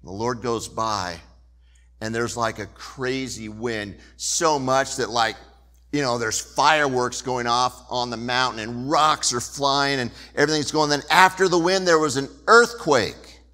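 Bright-voiced man preaching a sermon. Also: mid-range voice, measured pace. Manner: animated storytelling, shifting from loud to hushed. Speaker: pastor.

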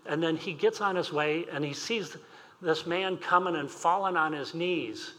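Older male pastor, bright and forceful delivery, storytelling sermon, big reverberant church. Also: on the high side, normal speed. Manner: reads scripture aloud then tells personal stories with humor. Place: church sanctuary. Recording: long reverb in a large hall.

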